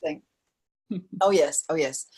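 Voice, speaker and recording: A woman's voice: low voice, a little fast, vocal fry, darkish tone. A woman hosting an interview show, chatting casually and reading out listener comments. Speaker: podcast host.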